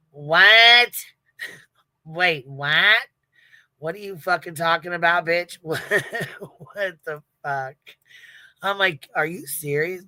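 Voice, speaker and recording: A woman's voice: sits low, bright, forceful tone, smooth, dry recording. A woman hosting a livestream in casual commentary, brash and profane, often breaking into laughter. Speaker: livestream host.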